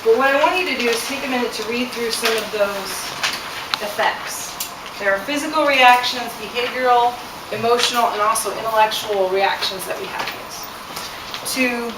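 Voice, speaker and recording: A woman runs a campus workshop in a plain conversational way, pausing on fillers and turning questions to the room. She is heard from well back in a reverberant classroom. Steady hiss and noise sit loudly under her voice. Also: on the high side. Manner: conversational, many "um" fillers, asks the group questions. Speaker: workshop presenter. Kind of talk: explaining a stress workshop to students. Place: university classroom. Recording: echoey room, far from mic, loud background noise.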